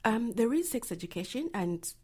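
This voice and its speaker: A woman's voice: on the high side, big pitch swings, moderate pace, dark tone, slightly rough. A woman, an advocate answering interview questions earnestly, often trailing into a near whisper at the ends of phrases. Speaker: reproductive health advocate.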